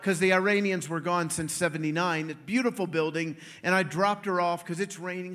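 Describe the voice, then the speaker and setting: Male preacher, high voice, lively anecdotal sermon, laughs between lines. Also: fairly quick, hardly any pauses. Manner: animated, acts out quoted voices, laughs often. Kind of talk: storytelling sermon.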